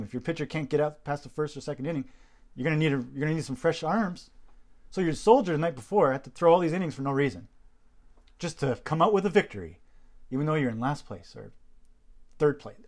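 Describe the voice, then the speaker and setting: A man hosting a podcast, telling stories in a rambling, animated way, repeating himself and clearing his throat often through a hoarse voice. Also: on the high side, a little fast, pauses often. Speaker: podcast host. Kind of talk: casual storytelling monologue.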